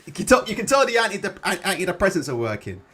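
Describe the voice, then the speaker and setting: With a high, bright, forceful voice that swings widely in pitch, a young man hosts a live chat at a fast clip. He reads comments aloud and rants, swearing heavily and leaning on "innit" and "yeah".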